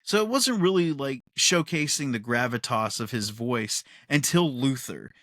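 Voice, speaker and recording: Podcast co-host, male, middle-pitched, rambling and excitable, tight dry recording. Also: unhurried, no echo. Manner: rambling and enthusiastic, often laughing. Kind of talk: casual podcast chat.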